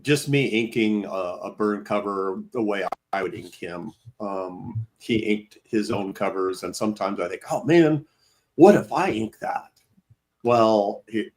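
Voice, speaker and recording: A man co-hosting a casual podcast, talking modestly about his own inking work with dry humor. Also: on the low side. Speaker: co-host, comic artist. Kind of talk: casual chat.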